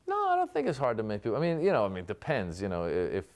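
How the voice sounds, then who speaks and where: A man's voice: fairly low pitch, huge pitch swings, rapid-fire, a little mellow. A man being interviewed as a comedian, answering in a storytelling way and acting out remembered exchanges. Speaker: comedian guest.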